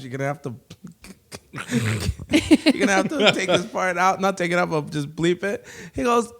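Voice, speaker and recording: A man's voice: high-pitched, animated, measured pace, pauses often, a bit bright. A man hosting a comedy podcast in a studio, chatting casually with lots of rambling, laughter and crude asides.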